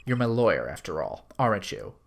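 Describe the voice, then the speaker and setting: A man's voice: fairly low pitch, sing-song, brisk, vocal fry, pitched below the performer's own voice. A smug young celebrity shows his true face as a villain, taunting in a syrupy, mocking tone, as a man reads him for a game playthrough. The voice rises and dips a lot on the sneers. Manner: taunting, mock-sweet.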